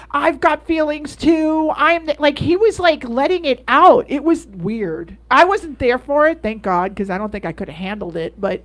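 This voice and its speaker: A woman from Yonkers, co-hosting a casual late-night chat and telling stories animatedly with lots of laughter. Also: on the high side. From Yonkers, New York. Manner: animated storytelling with frequent laughter and repeated phrases. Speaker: co-host.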